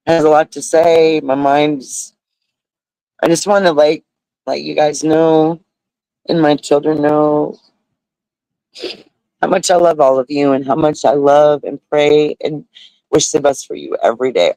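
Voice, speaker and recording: Streaming live by phone from a beach resort, this older U.S. host speaks with a fairly high, warm, smooth voice, a little slowly and with frequent pauses. He rambles sincerely, laughs a lot and keeps saying "y'all"; the audio is poor with no room sound.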